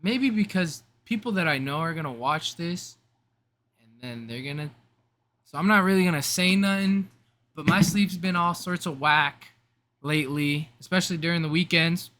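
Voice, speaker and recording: Bright-voiced young man rambling in a vlog. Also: fairly high pitch, normal speed. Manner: rambling, self-interrupting, slangy. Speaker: vlogger. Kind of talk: casual rambling vlog monologue.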